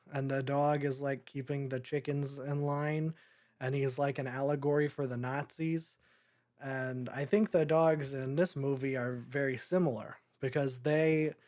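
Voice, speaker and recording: A man's voice: mid-range voice, darkish tone. A young man co-hosting a podcast, reviewing a movie in rambling, sarcastic casual chat full of fillers. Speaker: podcast co-host.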